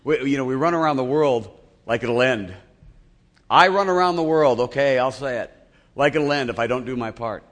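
A man's voice: medium pitch, moderate pace, fairly bright tone, in a large hall. A male pastor preaching a sermon in a church, talking in a conversational, humorous storytelling manner.

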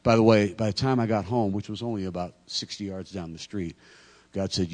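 A middle-aged pastor preaching a sermon, acting out lively stories with self-deprecating humor and stammers. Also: male voice, sits low, fairly quick, hardly any pauses. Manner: animated storytelling, acting out dialogue.

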